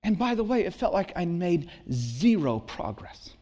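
A man's voice: sits high, big pitch swings, measured pace, mellow. A man in his thirties preaching a sermon in an earnest, conversational way, climbing to emphatic peaks. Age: 30s. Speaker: pastor.

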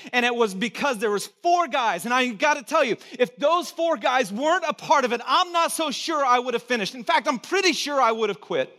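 A middle-aged man preaching a sermon, telling a personal story with lively acted-out exclamations and dropping low for solemn points. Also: a little fast, hardly any pauses. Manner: animated storytelling, acts out his own panic with sudden loud exclamations. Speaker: pastor.

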